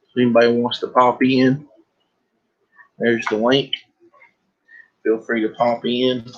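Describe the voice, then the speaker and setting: This livestream host keeps things casual, joking and wandering from topic to topic with viewers and a guest as he packs books, sometimes cracking up. The audio is dull, and his medium-pitched voice stays level and unhurried.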